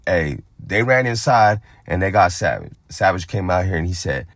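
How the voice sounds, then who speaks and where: A young man with a very low, deep voice tells a rough street story straight into the mic. He swears a lot and acts out what everyone said. The sound is dry and close, with no room echo. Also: moderate pace. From Phoenix, Arizona. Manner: profane, animated, acts out other people's lines. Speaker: storyteller on a vlog channel.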